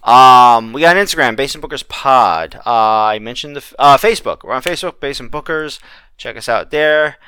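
A man hosting a podcast who drops dry, wry remarks and runs through the outro. His voice is bright and crisp, recorded dry and close. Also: mid-range voice, a little fast, no echo. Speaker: podcast host. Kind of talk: casual chat.

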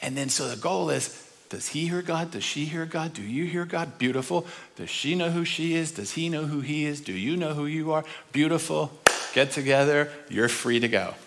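A man teaching a sermon, animated and full of rhetorical questions, sometimes acting out voices. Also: on the high side, moderate pace, creaky, long reverb tail, a little hiss or hum. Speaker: speaker.

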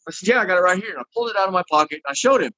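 A man's voice: sits high, very fast, no echo, highs cut off. A man telling a long story in casual chat and acting out the people in it. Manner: animated, acts out the people in his story.

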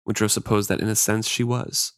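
A man co-hosts a book podcast and walks through the plot in easy, conversational explanations. His voice sits low and is recorded close with no room sound. He reads passages aloud in the same relaxed manner. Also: fairly quick, no room sound. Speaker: podcast co-host. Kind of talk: casual book discussion and reading aloud.

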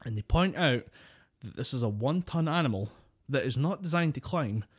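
Guy cohosting a podcast, chatty and animated, swears a lot, laughs through his stories, middle pitch voice. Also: brisk, breathy edge. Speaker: podcast co-host. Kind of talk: casual chat.

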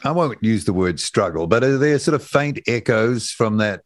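NZ-accented male interviewer, lowish voice, gentle questions, dry sound. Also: lively intonation, normal speed, no echo. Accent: New Zealand. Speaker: host.

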